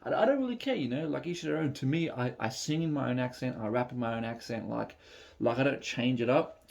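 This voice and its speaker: Gravelly Australian guy rambling. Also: medium pitch, fairly quick, a little mellow, lo-fi sound. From Melbourne, Australia. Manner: rambling, many fillers and restarts. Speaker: reaction video host. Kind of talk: casual reaction chat. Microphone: phone.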